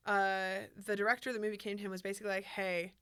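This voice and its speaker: A woman co-hosting a casual podcast, talking in animated, rambling bursts. Her voice is smooth and clear. The sound is dry and close, with no room in it. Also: mid-range voice, rapid-fire, no echo. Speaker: podcast co-host. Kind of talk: casual chat about a film.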